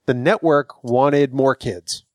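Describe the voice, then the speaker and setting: A man's voice: medium pitch, slow, no echo. A man co-hosting a casual fan podcast, giving blunt opinions with dry humor. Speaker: podcast co-host.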